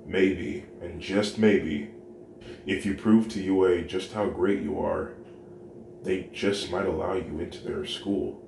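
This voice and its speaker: A gentle, caring mother reassuring her son, as a man reads her lines in his own deep voice. The words come slow and soft. The recording sounds roomy, with noise underneath. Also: steady tone, vocal fry, recorded from a distance, exaggerated voice.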